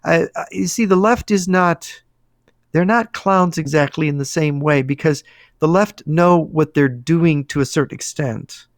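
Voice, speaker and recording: This is an animated man talking over a video call. His voice is pitched somewhat high for a man, and he leans on quotes and anecdotes from history books. The sound is dry and close. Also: measured pace, no room sound.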